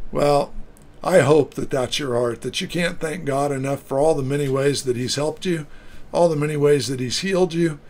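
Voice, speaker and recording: Earnest man pastor, fairly high voice. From United States. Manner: earnest, unhurried, with fillers. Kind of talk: devotional talk with scripture reading.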